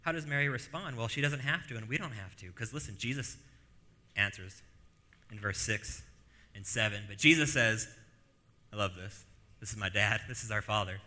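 A man's voice: on the low side, moderate pace, sharp tone, in a large hall. A man preaching a sermon, emphatic and rhetorical, repeating phrases for stress.

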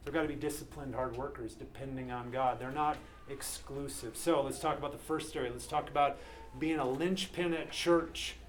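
A man in his thirties preaching an earnest, animated sermon to a men's group as pastor. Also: medium pitch, normal speed. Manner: earnest, animated, acts out quoted voices.

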